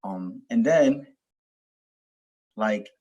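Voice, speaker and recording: A man's voice: fairly low pitch, lively intonation, extremely slow, mellow, highs cut off. A young man telling a personal story in casual, rambling talk, full of fillers, restarts and swearing, as host of a self-help video.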